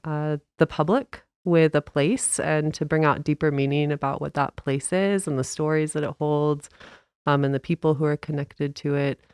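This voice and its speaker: A woman's voice: low voice, fairly even intonation, normal speed, a little mellow, clear, resonant tone, dry recording. A woman park ranger, a guest on a podcast, explaining her job in a friendly way with a few laughs and fillers.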